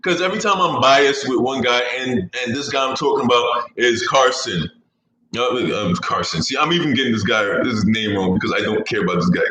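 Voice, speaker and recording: A man's voice: medium pitch, expressive, a little fast, noisy background. A man hosting a podcast in casual, rambling chat, swearing freely and laughing at his own jokes. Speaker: podcast host. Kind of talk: casual fantasy sports chat. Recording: echoey room, faint ambience.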